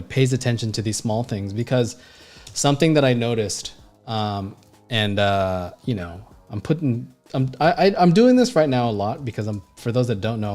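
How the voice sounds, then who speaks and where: A man's voice: fairly low pitch, a little mellow. A man teaching art on a livestream in casual, blunt talk full of swearing, fillers and restarts. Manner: blunt and profane, heavy fillers like "you know what I mean"; emphatic, rambling with frequent restarts. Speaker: art instructor and designer.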